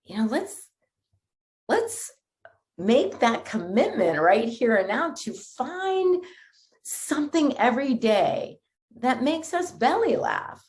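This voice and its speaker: A middle-aged woman minister giving a sermon in a lively, conversational way, often breaking into laughter. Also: on the high side, slow pace.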